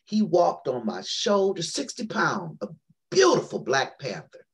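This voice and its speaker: Animated husky-voiced woman telling a story. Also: fairly low pitch, a little slow. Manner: animated, rambling with many fillers and restarts. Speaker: guest, poet and author. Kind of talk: casual storytelling in an interview.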